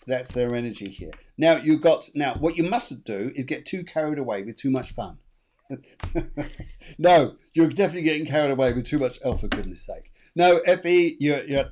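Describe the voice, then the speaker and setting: A man runs a live spiritual reading in a chatty, rambling way. He repeats himself often and breaks into laughs between phrases. His pitch sits in an ordinary middle range for a man. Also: a little mellow, slight background noise. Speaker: medium, show host.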